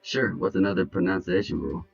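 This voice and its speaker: Deep husky laid-back male streamer. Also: fast talker, lo-fi sound, faint music behind. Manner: laid-back, repeats words while trying them out. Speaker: game streamer. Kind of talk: casual live-stream chat.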